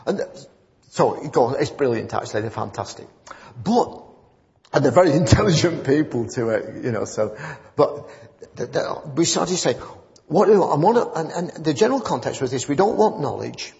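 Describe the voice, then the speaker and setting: A preacher delivers a loose, story-filled sermon, rambling conversationally between anecdotes before driving his point home with fervour. His voice is on the high side and slightly mellow, with big pitch swings, vocal fry, and a normal speed. The dull, muffled recording carries the long reverb of a church hall.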